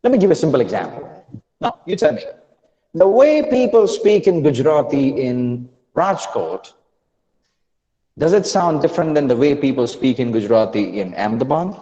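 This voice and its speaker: A man leading a live online class, energetic and repeating phrases as he urges learners to answer quickly in the chat. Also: mid-range voice, in a large hall, dull audio. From India. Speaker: online English trainer.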